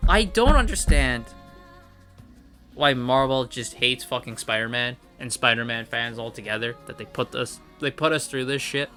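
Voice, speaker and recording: A man's voice: medium pitch, lively intonation, normal speed, pushed and bright, soft background music. A man reviewing comics in an angry, profane rant, repeating his points for emphasis. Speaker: comic book commentator. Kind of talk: ranting review.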